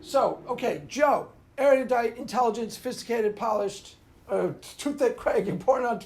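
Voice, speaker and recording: A man's voice: extremely high pitch, normal speed. A man hosting his own video, ranting casually and rambling, often laughing at his own jokes. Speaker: video host.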